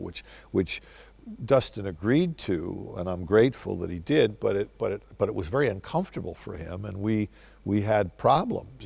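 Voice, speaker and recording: A man's voice: low-pitched, vocal fry, a little mellow, husky, no room sound. An older man, a film director, telling wry, reflective stories in answer to interview questions.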